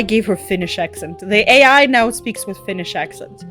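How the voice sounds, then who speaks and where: A young woman streaming a game, chatting casually and excitably, swearing and laughing often. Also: mid-range voice, normal speed, few pauses, faint music behind. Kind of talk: casual gameplay chat.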